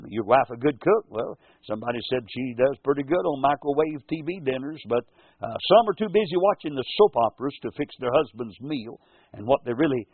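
Husky male radio preacher, phone-like sound. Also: medium pitch, no room sound. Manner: folksy, rambling, repeats words often. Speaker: pastor and radio show host. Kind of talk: radio Bible teaching.

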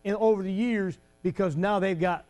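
A man's voice: sits high, moderate pace, faint music behind. A man preaching a fervent, folksy revival sermon in a church. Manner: fervent, folksy, rising to shouts.

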